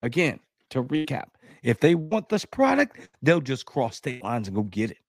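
A man hosting his own political talk show, ranting in a heated, sarcastic and blunt way, his pitch jumping up when he gets outraged. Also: big pitch swings, normal speed, no room sound. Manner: blunt, insulting. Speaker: host of a political commentary show. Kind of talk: ranting commentary.

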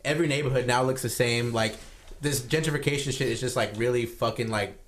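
Young man, laid-back rambler, casual podcast co-host, quick pace, echoey room. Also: mid-range voice, fairly bright tone. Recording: roomy echo.

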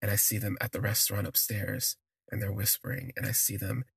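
A man telling a personal story for his podcast, in an unhurried, conversational way that lingers on words, with fillers. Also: fairly low pitch, level tone, vocal fry, fairly bright tone, slightly rough, no room sound.

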